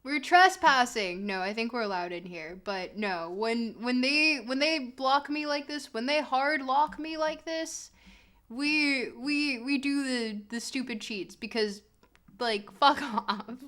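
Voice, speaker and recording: A woman with a high, fairly bright voice speaks slowly while streaming a geography game, reading chat aloud and reacting with laughter and mock outrage in casual commentary.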